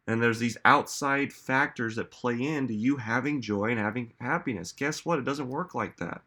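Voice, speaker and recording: A man's voice: mid-range voice, moderate pace, hardly any pauses, sharp tone. A man giving a reflective motivational talk, musing aloud and asking listeners many rhetorical questions. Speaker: self-help speaker.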